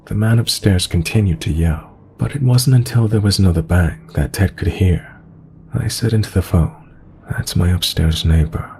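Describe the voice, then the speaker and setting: A man reading a first-person story aloud in an even, measured scripted narration. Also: lowish voice, gravelly, a little hiss or hum.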